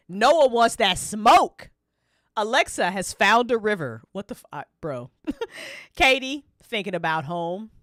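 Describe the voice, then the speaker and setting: Animated woman reacting with laughter. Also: fairly high pitch, no room sound, clean studio sound. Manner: reads events aloud, laughing and swearing often. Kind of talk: casual livestream commentary.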